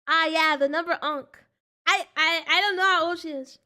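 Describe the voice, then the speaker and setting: A woman's voice: very high voice, moderate pace, sharp tone. A young woman streaming a game, chatting in a joking, slangy way and laughing often. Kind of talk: casual gaming stream chat.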